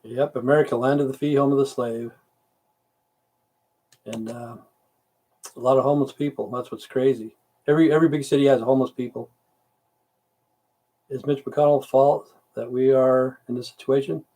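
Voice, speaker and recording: A man's voice: mid-range voice, fairly even intonation, moderate pace, pauses often, warm tone. Man rambling and cursing on a livestream. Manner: rambling, profane, grumbling about government. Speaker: livestream host; military veteran. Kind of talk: casual livestream chat answering viewer comments.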